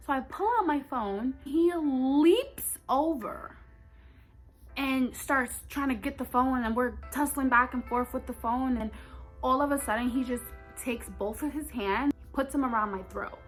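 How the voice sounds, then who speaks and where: A woman's voice: high voice, a little slow, soft background music. A young woman telling a personal story in a storytime vlog, talking straight to her viewers with emphasis. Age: young adult.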